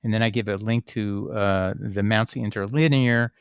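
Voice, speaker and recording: A man's voice: fairly low pitch, fairly even intonation, normal speed, clear, resonant tone, dry recording. Man explaining scripture in a dry room. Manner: thinking aloud with fillers and restarts, reading passages aloud. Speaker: Bible teaching channel host. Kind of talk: casual spoken Bible commentary.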